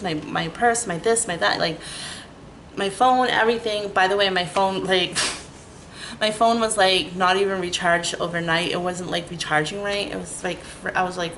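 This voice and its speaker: A woman telling a story in a casual, animated rant, full of 'like' fillers and frequent swearing. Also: medium pitch, creaky, slight background noise, low-quality recording.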